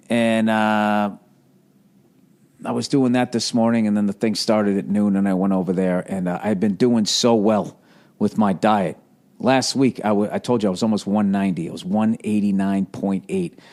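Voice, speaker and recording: A man's voice: lowish voice, fairly even intonation, moderate pace, a little mellow. A man in his forties from the United States hosting a podcast, rambling through a casual, profane, self-mocking monologue. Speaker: podcast host.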